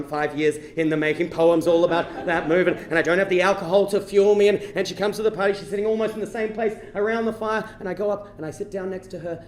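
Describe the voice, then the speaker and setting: An Australian man telling a comic true-life story on stage before an audience, animated and self-mocking, dropping to hushed asides. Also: high voice, fast, hardly any pauses, reverberant, a little hiss or hum. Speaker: stand-up comedian. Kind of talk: storytelling stand-up comedy.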